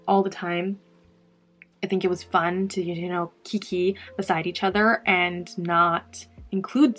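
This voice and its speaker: Husky young woman chatting candidly. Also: mid-range voice. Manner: candid and emotional, talks while doing makeup. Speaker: beauty vlogger. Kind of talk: casual get-ready-with-me chat.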